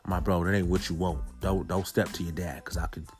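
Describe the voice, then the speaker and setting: A man in his thirties telling a casual story straight to his viewers, animated, stacking rhetorical questions and cursing casually. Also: low-pitched, a little fast, soft background music.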